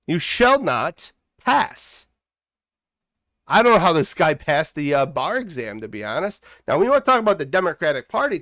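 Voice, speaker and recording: A man's voice: on the high side, fairly bright tone, dry recording. A man hosting a political commentary podcast, talking in a heated, preachy way and repeating phrases for emphasis. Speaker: podcast host.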